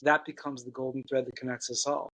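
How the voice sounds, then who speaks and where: A man telling an earnest personal story as a guest, halting, with many restarts and fillers. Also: medium pitch, little pitch movement, pushed and bright, low-quality recording.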